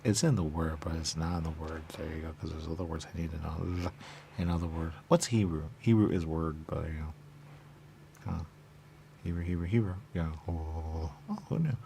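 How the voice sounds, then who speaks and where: A man's voice: extremely low pitch, moderate pace, vocal fry, dark tone, slight background noise. A man in a rambling, repetitive monologue, muttering questions and then answering them himself. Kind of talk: rambling stream-of-consciousness monologue.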